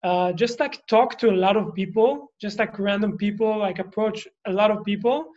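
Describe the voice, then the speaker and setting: A man's voice: high voice, normal speed, a little mellow, dull audio. A man sharing his experience with a workshop group, hesitant and full of fillers. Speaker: workshop participant. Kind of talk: casual chat.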